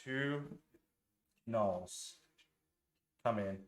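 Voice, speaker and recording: Slow-talking Australian man running a tabletop game. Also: on the low side, a little hiss or hum. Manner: relaxed, laughs often, rambling narration. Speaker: game master. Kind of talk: narrating a live-streamed tabletop game.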